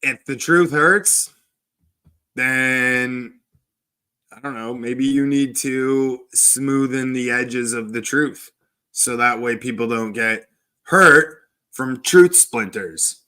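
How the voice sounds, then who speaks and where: A man's voice: medium pitch, bright, forceful tone, clean tone. A man, livestreaming and answering chat with crude, sarcastic banter. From Canada. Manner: sarcastic, crude, slow drawl.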